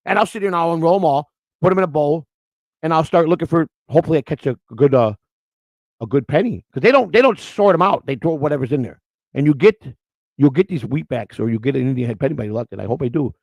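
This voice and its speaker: Middle-aged guy rambling stories fast, gravelly voice, dry close sound, loud and outspoken. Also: a little high, expressive, no room sound, rough recording. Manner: outspoken, rambling with many restarts. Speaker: host. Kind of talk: casual storytelling on camera.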